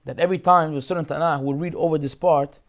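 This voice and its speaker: A man teaching a Torah class as a rabbi, retelling a story in an animated way with many restarts. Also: fairly high pitch, fast talker.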